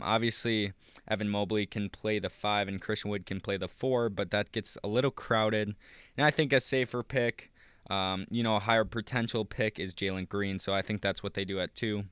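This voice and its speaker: Over a screen recording, a man walks through a basketball mock draft in a loose, rambling YouTuber style, stumbling into fillers and restarting often. The recording is dry, and his lowish voice sounds clean and fairly bright.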